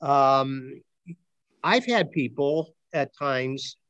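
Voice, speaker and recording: A man's voice: on the high side, measured pace, no room sound, lo-fi sound. A man with a Midwestern accent, leading a discussion-style lesson, thinking aloud with many ums and uhs. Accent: Midwestern American. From Akron, Ohio. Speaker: class leader.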